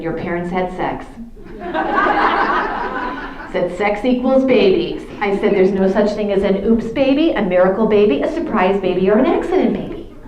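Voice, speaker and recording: A woman's voice: mid-range voice, darkish tone, a little hiss or hum. A middle-aged woman, telling a faith story to a youth audience and acting out the dialogue. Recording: echoey room.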